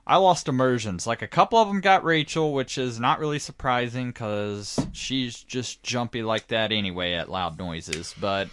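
A man's voice: mid-range voice, normal speed, few pauses, fairly bright tone, a little hiss or hum. A man in casual chat about a horror movie, laid-back and joking, swearing casually.

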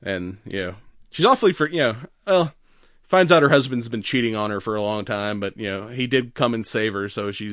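A man chats loosely on a podcast, retelling a horror film and breaking into laughter as he acts out the characters' lines. His voice sits at an ordinary pitch, and the recording is dry and close with no room sound. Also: brisk, fairly bright tone, dry recording. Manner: laughs often, acts out quotes. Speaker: podcast co-host. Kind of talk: casual chat recapping a movie.

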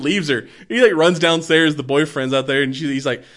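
A man's voice: on the high side, expressive, normal speed, a bit bright. A man in casual chat, retelling a movie in a rambling way, laughing often and swearing freely.

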